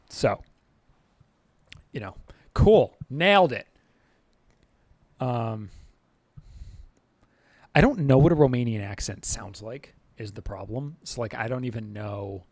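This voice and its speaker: Talking to his chat as a channel host, this man rambles through a laid-back livestream, chuckling often and restarting himself amid plenty of fillers. He has a mid-range, somewhat dark voice, captured in a dry recording.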